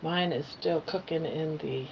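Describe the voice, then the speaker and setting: Slow-talking older woman on a lo-fi home stream. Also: low voice, creaky. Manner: chatty, talks to her pet in a cooing voice. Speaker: livestream host. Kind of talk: casual livestream chat. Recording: dull lo-fi home stream audio with faint hiss.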